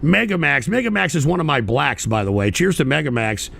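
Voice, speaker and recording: A man hosting his own livestream radio show, ranting angrily with lots of swearing and sudden shouted bursts while answering chat. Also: fairly high pitch, animated, a little fast, gravelly. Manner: profane, combative, shouting bursts. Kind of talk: angry ranting commentary, reading chat.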